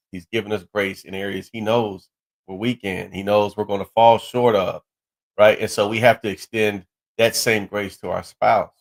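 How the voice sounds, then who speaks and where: Earnest man with a low voice. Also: vocal fry. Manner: earnest, advising men directly. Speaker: co-host. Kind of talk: faith-based relationship talk.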